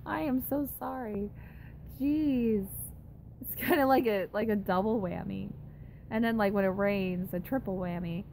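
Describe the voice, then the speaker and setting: A woman's voice: mid-range voice, measured pace, creaky, darkish tone, slight background noise. Giggly young woman chatting on a live stream. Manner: chatty and giggly, reacting with exaggerated disgust. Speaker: live streamer reading chat. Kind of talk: casual live-stream chat. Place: home in a dry desert city.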